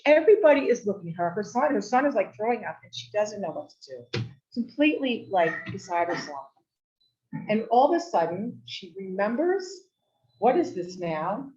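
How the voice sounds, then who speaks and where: Recorded live in dull lo-fi sound, a teacher gives a weekly Torah talk in a women's study hall at a community center. Her medium-pitched voice carries a lively, animated story that swells into shouting for quoted outbursts.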